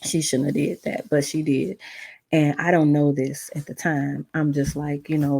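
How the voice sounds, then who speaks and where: A woman's voice: low voice, flat delivery, moderate pace, gravelly, mellow. A woman podcast host telling a personal testimony in an earnest, conversational way. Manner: earnest, conversational, retelling with quoted dialogue.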